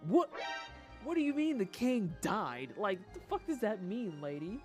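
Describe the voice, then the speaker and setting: A woman's voice: mid-range voice, big pitch swings, a little slow, a little mellow. A woman chatting and laughing on a live game stream, reacting with disbelief to the game, with game music behind. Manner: laughs a lot, incredulous and chatty.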